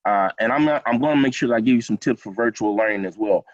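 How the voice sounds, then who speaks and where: A middle-aged man with a lowish voice talks fast while leading an online college program class by video call. His tone is encouraging, repetitive and heavy with fillers, and the recording is dry, dull and lo-fi.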